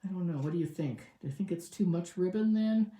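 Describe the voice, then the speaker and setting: A woman with a fairly low voice walks through a craft project in a relaxed tutorial. She chats and thinks aloud as she works, and her voice carries some echo from the room. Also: fairly quick. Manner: chatty, thinking aloud with fillers. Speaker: crafting demonstrator.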